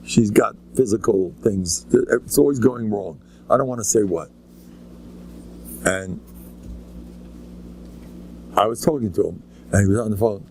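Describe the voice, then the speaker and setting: A man's voice: fairly low pitch, a little slow, gravelly, pauses often, a little mellow, a little hiss or hum. An older man, a rabbi giving an informal lecture, telling stories with joking asides and rambling restarts. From United States. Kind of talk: informal Torah lecture with anecdotes.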